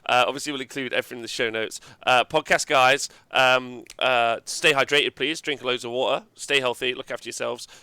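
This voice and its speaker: A man hosting a casual livestream podcast chat, enthusiastic and halting, with lots of fillers and restarts. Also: medium pitch, steady tone, bright, forceful tone, smooth, no echo. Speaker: host.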